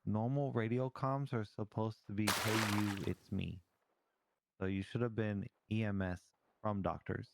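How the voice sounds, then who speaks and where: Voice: medium pitch, steady tone, unhurried, vocal fry, a little hiss or hum. A player voicing a laid-back, teasing friend in casual in-character chat, with dry, offhand remarks. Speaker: roleplay player.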